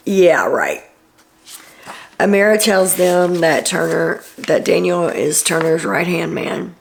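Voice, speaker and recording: A woman's voice: on the low side, lively intonation, measured pace, creaky. A woman hosting a casual reality TV recap, chatty and opinionated, with frequent ums as she retells the week's events.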